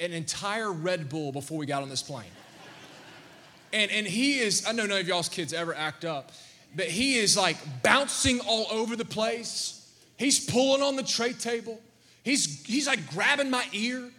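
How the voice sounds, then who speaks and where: Animated man preaching in a hall. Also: high voice. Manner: animated storytelling with repeated restarts. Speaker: pastor. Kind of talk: sermon.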